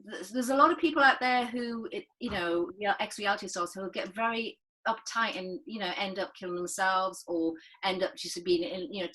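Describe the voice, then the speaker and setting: A chatty woman co-host with a bright, sharp tone. She rambles through casual conversation, breaking off and restarting her sentences and laughing often. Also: mid-range voice, moderate pace, hardly any pauses, rough recording. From northern England. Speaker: podcast co-host. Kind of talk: casual chat.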